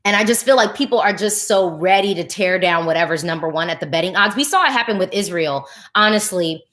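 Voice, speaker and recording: Speaking fairly quickly in a low-leaning voice, this woman vlogger reacts in an animated, chatty way. Fillers and nitpicks fill her talk, and she gets emotional, laughing in the middle of thoughts.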